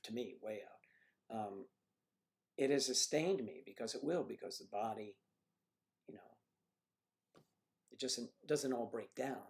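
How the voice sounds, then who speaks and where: Gravelly older man telling rambling stories. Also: medium pitch, unhurried, long pauses, a little mellow. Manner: rambling anecdotes with frequent restarts and throat clearing. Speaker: livestream host. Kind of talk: casual chat reading viewer comments. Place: home livestream setup.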